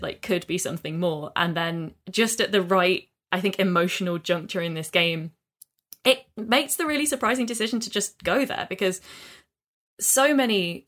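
A woman's voice: lowish voice, a bit bright. A woman co-hosting a casual podcast, retelling a game story with enthusiasm and many fillers. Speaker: podcast co-host.

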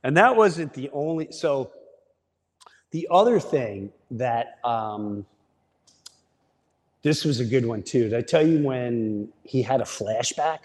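A young man tells stories in a casual, animated way, his pitch swinging widely as he acts things out. His voice is slightly husky, and a long reverb lingers around it. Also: takes it slowly, pauses often. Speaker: guest comedian. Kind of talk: casual storytelling.

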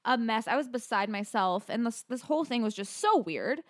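A woman's voice: on the high side, lively intonation, brisk, dry recording, studio quality. Candid young woman telling a story. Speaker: podcast co-host. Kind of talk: casual chat.

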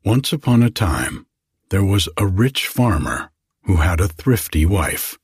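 A man hosting a sleep podcast, narrating a bedtime fairy tale in a calm, gentle way. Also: low-pitched, a little slow, husky, no echo, studio quality. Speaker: podcast host and storyteller. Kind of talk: slow bedtime story narration.

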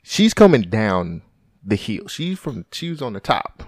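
Gravelly low-voiced male podcast host. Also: a little slow, no room sound, clean studio sound. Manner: profane, animated, restarts often. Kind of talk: casual storytelling chat.

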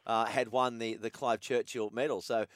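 A man's voice: mid-range voice, little pitch movement, normal speed, dry recording, clean studio sound. A man with an Australian accent hosting a talkback radio show, chatty and laid-back, putting questions to callers and his co-host.

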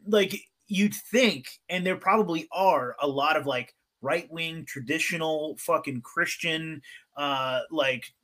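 Bright, excitable, foul-mouthed young man. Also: on the high side, slow. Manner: profane, laughing, excitable. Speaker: podcast co-host or guest. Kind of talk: casual chat.

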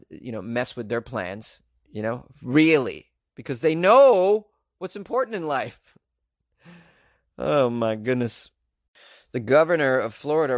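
A man's voice: medium pitch, dry recording, clean studio sound. A man doing a casual comedic monologue, sarcastic and mocking as he reads and riffs on news items. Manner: sarcastic, mocking, chuckling asides. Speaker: comedic commentator.

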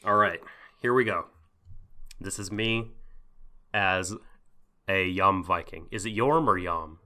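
A man's voice: deep voice, slow pace, bright, forceful tone. A man hosting a podcast in a jokey, rambling casual chat with lots of fillers. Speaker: podcast host.

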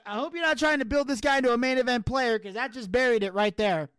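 A man's voice: very high-pitched, quick pace, a bit bright, smooth, no echo, studio quality. A man hosting a podcast, recapping wrestling in casual, blunt, profane chat. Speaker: podcast host.

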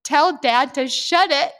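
A woman's voice: sits high, takes it slowly, fairly bright tone. A woman hosting a casual podcast, reading messages aloud with dramatic flair and laughing often. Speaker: podcast host.

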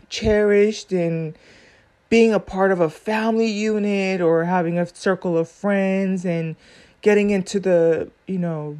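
A woman's voice: lowish voice, warm tone. A woman giving casual commentary on a court video, earnest and rambling as she thinks aloud.

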